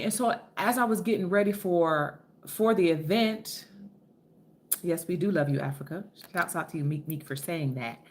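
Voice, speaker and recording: A woman's voice: sits low, fairly quick. A woman from Philadelphia hosting a casual live stream. She talks in a chatty, effusive way, greets her viewers by name and swears freely. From Philadelphia, USA. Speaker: livestream host.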